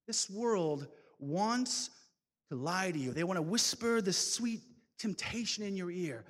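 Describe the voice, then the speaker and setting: A man giving a fervent, preacher-style testimony talk that builds to loud exhortations. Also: high-pitched, lively intonation, unhurried. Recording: long hall reverb.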